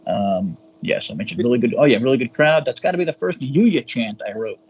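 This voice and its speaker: A man's voice: mid-range voice, expressive, a little fast. A man co-hosting a podcast, chatting casually and rambling through a wrestling review with hesitant fillers and casual swearing. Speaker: podcast co-host. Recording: dull lo-fi sound with faint hum.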